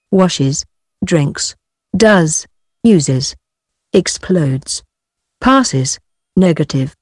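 A woman reads grammar exercises from a workbook aloud, taking each word slowly and deliberately. Her voice sits a little low and sounds mellow. The recording is dry and close. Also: no room sound. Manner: slow, careful, deliberate reading. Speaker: textbook reader.

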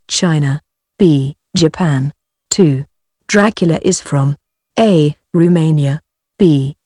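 A woman reading English coursebook audio aloud, word by word, with careful, measured enunciation. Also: sits low, mellow, no echo, clean studio sound. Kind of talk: slow scripted textbook reading.

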